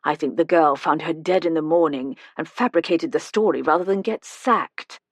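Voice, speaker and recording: Woman narrator doing an opinionated, sharp-eyed female friend in a storybook. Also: low voice, moderate pace, no room sound. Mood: shrewd.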